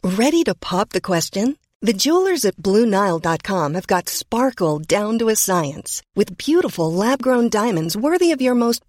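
A woman's voice: mid-range voice, a little mellow, no room sound, clean studio sound. A woman reading a scripted ad with an upbeat, polished delivery. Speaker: ad reader. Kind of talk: scripted ad read.

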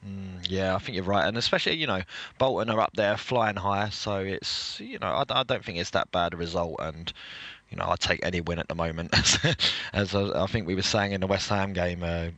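A man hosting a casual football podcast, a little croaky after bronchitis, rambling and laughing easily. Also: sits low, brisk, pushed and bright, no echo. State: slightly croaky, recovering from bronchitis. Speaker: podcast host.

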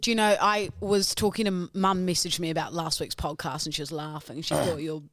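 A woman's voice: sits low, fairly quick, no room sound. Teasing New Zealand woman, dry sound. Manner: animated storyteller, teasing. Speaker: podcast co-host. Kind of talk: casual banter and anecdotes.

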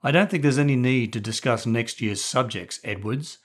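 A man's voice: mid-range voice, moderate pace, natural voice. A man voicing a strict, ex-army older headmaster who barks curt questions. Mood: stern. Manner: barking, curt.

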